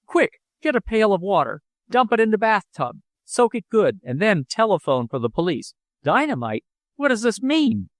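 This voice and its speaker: A man voicing an excitable middle-aged father who blusters and scolds in an audiobook. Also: mid-range voice, normal speed, no echo, clean studio sound, lightly acted. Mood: alarmed.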